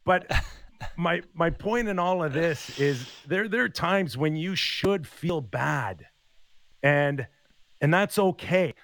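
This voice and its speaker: A man's voice: fairly high pitch, slow pace, vocal fry. A man in his fifties, a former hockey player, telling stories in a casual chat and acting out the quotes. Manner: animated storyteller acting out quotes.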